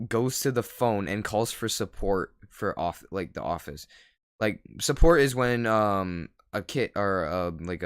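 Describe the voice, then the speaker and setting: A man's voice: on the low side, no room sound, clean studio sound. A teenage boy vlogging, telling a rambling story full of fillers and laughing at himself. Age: teens. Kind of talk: casual storytelling.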